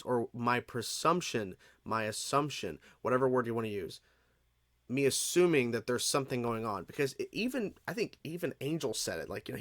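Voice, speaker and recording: A man hosting a reaction video gives casual, rambling commentary with lots of restarts. His voice is bright and forward, recorded close and dry. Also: mid-range voice, no echo. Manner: rambling, many fillers and restarts.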